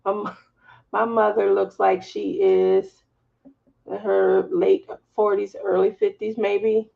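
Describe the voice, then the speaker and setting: A woman's voice: medium pitch, flat delivery, slow, creaky. A woman with a Southern US accent hosting a craft live stream, chatting casually and telling stories with laughs in between. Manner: chatty, laughing, storytelling asides. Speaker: craft channel host. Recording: slightly dull lo-fi audio.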